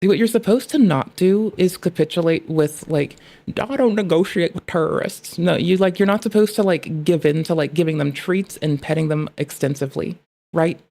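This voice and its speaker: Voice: medium pitch, moderate pace, creaky. A young adult streamer ranting in casual chat, swearing often and rambling about pet training. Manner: profane, rambling, animated.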